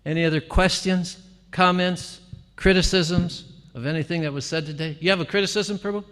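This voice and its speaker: A man giving an animated devotional talk at a temple gathering, often breaking into laughter and exclamations. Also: high-pitched, normal speed, clear, resonant tone. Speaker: visiting speaker at a temple gathering. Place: temple hall. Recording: long reverb of a hall.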